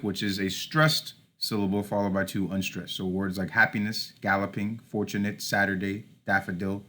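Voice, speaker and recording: Lowish-voiced man lecturing over slides. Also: a bit bright. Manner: explanatory, frequent "all right" and "uh" fillers. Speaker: teacher.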